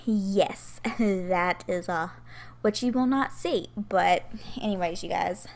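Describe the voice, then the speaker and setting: A woman's voice: medium pitch, slow, gravelly. A young woman, out of breath and heavily pregnant, chatting casually through a game build voiceover with lots of fillers and giggles. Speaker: Sims gaming YouTuber.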